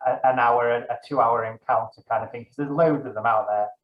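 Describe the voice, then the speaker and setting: A young man appears as a guest on an interview, a dungeon master speaking casually in a brisk, steady-toned voice of ordinary middle pitch. He rambles, backtracks to correct himself, and uses plenty of fillers, all recorded in an echoey space with dull, lo-fi audio.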